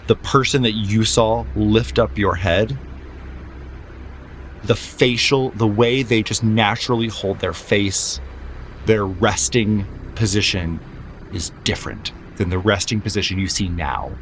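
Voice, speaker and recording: A man narrating a tabletop game as game master, describing scenes slowly and dramatically with pauses, then explaining rules. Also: fairly low pitch, a little hiss or hum.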